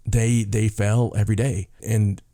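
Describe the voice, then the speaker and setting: A man's voice: on the low side, little pitch movement, a little slow, warm tone, no room sound, clean studio sound. A man co-hosting a podcast, telling stories in a rambling casual way, repeating and restarting words. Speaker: podcast co-host. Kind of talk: casual chat, storytelling.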